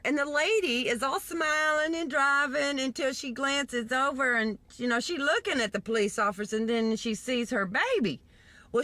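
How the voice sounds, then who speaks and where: A woman from Texas telling a story in a vlog, in an animated, indignant way with acted-out quotes. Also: a little high, no room sound. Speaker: vlogger.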